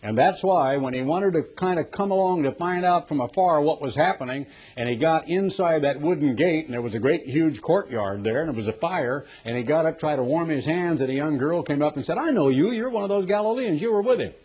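A middle-aged man from the United States preaching a television sermon, husky, swinging from hushed to loud and pressing rhetorical questions. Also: on the high side, brisk, hardly any pauses.

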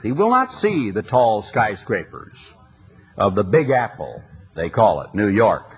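Husky preacher, impassioned sermon. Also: male voice, medium pitch, rough recording. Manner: impassioned, reads scripture aloud, lists items in rising cadence. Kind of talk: sermon to a large audience. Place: large arena.

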